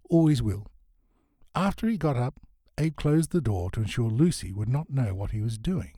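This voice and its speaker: Male audiobook narrator, animated comic read, close dry sound. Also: medium pitch, no room sound. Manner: lively comic storytelling. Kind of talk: scripted narration.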